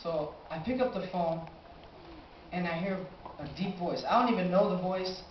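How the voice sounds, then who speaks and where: A man's voice: high voice, normal speed, background noise. Eighteen-year-old man telling a story live. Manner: animated, acts out his own reactions. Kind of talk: live personal storytelling on stage. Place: live stage in a small cafe venue. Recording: roomy, dull amateur live recording.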